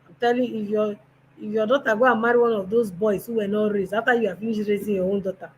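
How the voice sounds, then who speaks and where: A woman's voice: mid-range voice, steady tone, quick pace, a little hiss or hum, poor audio. A woman with a Nigerian accent hosting a conference, chatty and bantering with the audience. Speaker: conference host. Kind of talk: casual stage hosting.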